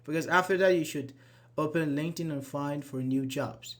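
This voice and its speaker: A man's voice: a little high, moderate pace. A man teaching an online English grammar class, reading example sentences aloud and quizzing his students.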